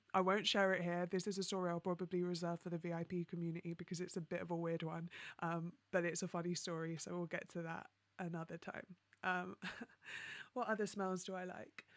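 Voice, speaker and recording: A woman from London, hosting a casual livestream, reading viewer comments and chatting in an upbeat way, laughing often and filling pauses with ums. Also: fairly low pitch, dry recording. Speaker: livestream host.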